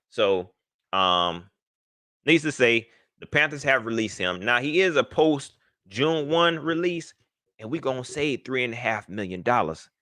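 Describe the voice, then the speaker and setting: A man hosting a casual live sports talk stream, animated and shouting out viewers by name. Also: medium pitch, unhurried, dry recording, studio quality. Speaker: livestream host.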